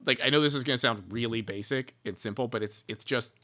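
Bright-voiced man rambling on a podcast. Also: mid-range voice, fast talker. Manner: rambling, laughing, lots of restarts. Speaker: podcast co-host. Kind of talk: casual book-discussion podcast.

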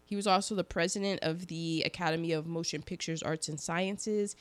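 A woman co-hosting a casual film podcast, chatting through cast trivia with quick asides. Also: on the low side, fairly even intonation. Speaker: podcast co-host presenting film facts. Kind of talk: casual chat about an old film.

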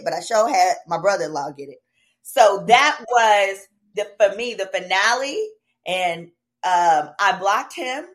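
A woman with a Southern American accent telling a personal story as a podcast guest, animated and profane, acting out quoted dialogue. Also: medium pitch. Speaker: podcast guest, attorney and comedian. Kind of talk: casual storytelling chat.

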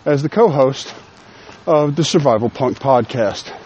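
Walking outside and a little winded, this man hosts a relaxed solo podcast, talking in a chatty, self-deprecating way. His mid-range voice has a darkish tone and lively intonation, and he speaks unhurriedly over slight background noise.

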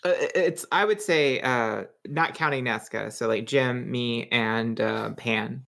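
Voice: medium pitch, measured pace, gravelly, fairly bright tone. A podcast co-host teasing and joking in casual chat. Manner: playful, teasing.

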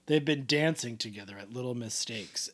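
A man's voice: mid-range voice, husky. A man co-hosting a podcast, chatting casually and jokily about a TV episode. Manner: animated, jokey, quick asides. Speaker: podcast co-host. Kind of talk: casual recap chat.

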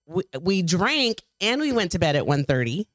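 A woman's voice: fairly low pitch, very animated, normal speed, no echo, clean studio sound. Swearing, chatty woman podcast co-host. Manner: chatty storyteller, swears freely, teasing. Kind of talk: casual bar-talk podcast chat.

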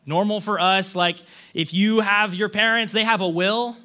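A man's voice: high voice, fairly even intonation, moderate pace, pushed and bright. A young male pastor preaching a sermon, reading a scripture story aloud and then talking to the congregation in an earnest, conversational way. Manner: conversational, earnest, with restarts and "right?" asides.

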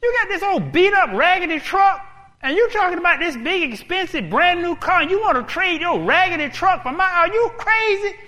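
A man's voice: very high voice, animated, a little fast, sharp tone, long reverb tail, voice pushed up, heavily acted. A man voicing a scornful rich man who can't believe what he hears. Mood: incredulous. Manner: exasperated, mocking.

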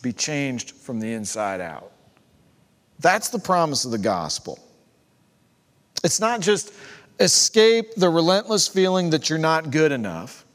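A male pastor delivers a sermon from the front, his voice sitting a little higher than most men's. He builds through chains of rhetorical questions and sinks to a near hush on the phrases that matter. The sound rings out with a long hall reverb. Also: big pitch swings, measured pace, pauses often. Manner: drops to a quiet hush on key phrases.

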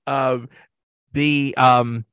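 A man's voice: medium pitch, little pitch movement, drawn-out words, a bit bright, smooth, no room sound, studio quality. A man hosting a podcast in casual chat, talking loosely, laughing often and acting out quotes. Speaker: podcast host.

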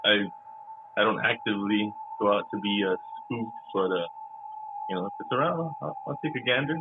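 A man's voice: lowish voice, lively intonation, a little fast, narrow, tinny audio, over music. A man from a Texas border town, chatting casually as a podcast guest, laid-back and joking with lots of fillers. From Laredo, Texas border town. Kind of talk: casual chat.

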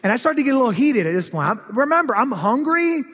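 A male pastor preaching a sermon, telling a personal story with lively, animated delivery that turns heated and loud in places. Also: very high-pitched, quick pace, husky, long reverb tail.

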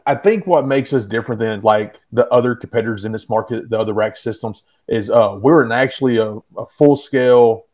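A man's voice: medium pitch, brisk, few pauses, darkish tone. A man, a guest on a podcast, telling folksy hunting stories in an easygoing way. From Arkansas, US. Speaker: guest, rack company owner. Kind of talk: casual podcast chat.

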